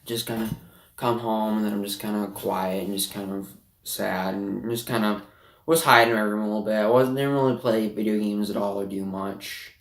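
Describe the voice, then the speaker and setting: A teenage boy vlogging from his bedroom, talking haltingly with many fillers and restarts, sniffly and emotional. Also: fairly low pitch, steady tone. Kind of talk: personal confessional vlog. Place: bedroom at home. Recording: roomy, from some distance.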